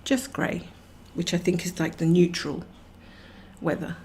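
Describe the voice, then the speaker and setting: Casting: woman host, low gravelly voice, rambling relaxed livestream chatter. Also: moderate pace. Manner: rambling, chatty, laughs often. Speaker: cross-stitch livestream host. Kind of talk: casual chat while stitching, reading viewer comments.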